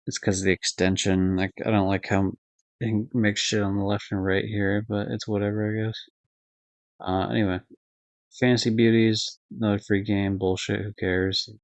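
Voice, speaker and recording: On a live stream, a young guy with a fairly low, level voice works through game ratings at a normal pace, rambling casually, swearing, using lots of fillers and correcting himself. There's no room sound, and the stream audio is dull, lo-fi and dry.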